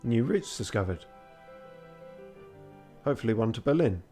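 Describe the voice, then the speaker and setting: A man's voice: mid-range voice, sing-song, normal speed, dark tone, soft background music. Tired man reading a game aloud, laughing. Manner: self-mocking, laughs often, swears. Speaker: charity streamer.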